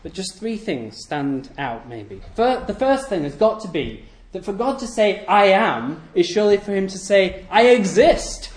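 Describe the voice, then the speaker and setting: A man's voice: high voice, sing-song, moderate pace, few pauses. A man preaching a sermon to a congregation, asking rhetorical questions and repeating key phrases for emphasis. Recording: echoey room.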